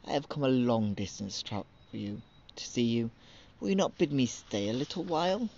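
A man's voice: medium pitch, animated, fairly quick, vocal fry, darkish tone, dull audio. A man voicing a stern, cunning old male god who speaks in a commanding way, in a storytelling reading. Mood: gentle.

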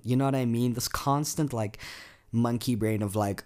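A man's voice: mid-range voice, brisk, a little mellow. An eighteen-year-old man from South Africa hosting a casual solo podcast, rambling with lots of "like" fillers and casual swearing. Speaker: podcast host.

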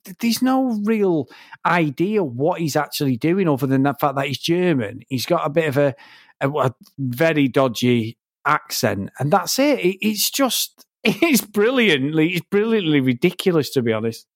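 Animated man, higher voice. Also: normal speed, no room sound, clean studio sound. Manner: animated, swears, laughs a lot. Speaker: podcast co-host. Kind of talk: casual film review chat.

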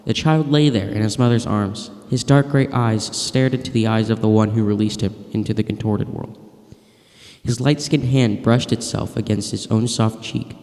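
Man reading a dark story, reverberant. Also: fairly low pitch, fairly even intonation, moderate pace. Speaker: narrator. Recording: long reverb.

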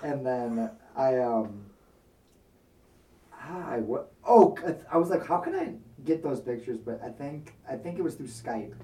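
A man's voice: medium pitch, lively intonation, a little slow, mellow, recorded from a distance. A young man telling a rambling, profane personal story in a casual chat. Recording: echoey room, off-mic.

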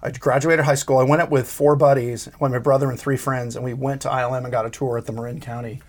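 Older male guest in his 60s, animated storyteller, acts out dialogue, laughs easily. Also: medium pitch, fast talker. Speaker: interview guest, creature effects artist. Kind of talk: storytelling interview.

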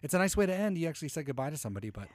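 A young man co-hosting a podcast in casual chat, animated and sarcastic, swearing freely. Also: on the high side, very fast, no room sound. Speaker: podcast co-host.

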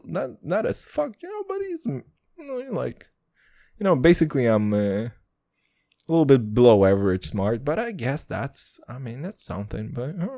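A young man rants through his podcast monologue, swearing freely and poking fun at himself. His pitch leaps up and down all the time. The mic is close and dry, with no room sound at all. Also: mellow, dry recording. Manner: profane, brash, self-mocking, calls listeners boys. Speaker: podcast host. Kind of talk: casual comedic monologue.

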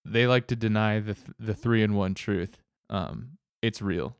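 A man co-hosting a podcast in casual chat, rambling with halting restarts and wry jokes. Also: fairly low pitch, clear, resonant tone, no echo, studio quality.

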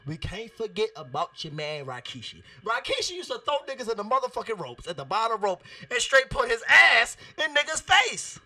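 Podcast host, male, very high, lively pitch; profane, rambling monologue. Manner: profane, rambling, animated storytelling. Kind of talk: casual monologue.

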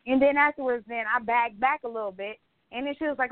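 A woman's voice: a little high, fast talker, no room sound. A woman co-hosting a casual podcast, telling stories in a blunt, profane way. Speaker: podcast co-host. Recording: tinny phone-like line.

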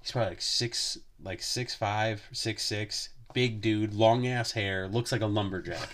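A man's voice: fairly low pitch, unhurried, a bit bright. Profane, rambling man telling a story. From Wisconsin. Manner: profane, rambling, lots of filler words. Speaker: podcast host. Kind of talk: casual storytelling chat.

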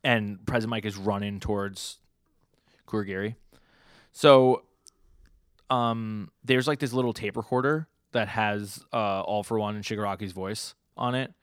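A man's voice: on the low side, fairly even intonation, measured pace, no echo, clean studio sound. A young man co-hosting a podcast, casually recapping comic chapters in a loose, rambling way with lots of "like" and self-corrections. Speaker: podcast co-host.

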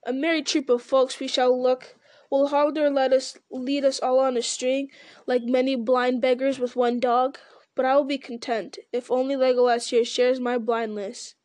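A woman's voice: high-pitched, little pitch movement, moderate pace, darkish tone, no room sound, natural voice. A woman reading as a stubborn dwarf warrior. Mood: defiant. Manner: obstinate, defiant.

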